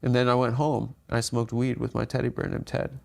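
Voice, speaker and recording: A man's voice: mid-range voice, brisk, gravelly. A man in comedic podcast banter, telling an absurd made-up life story with a straight face. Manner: deadpan, spinning absurd bits.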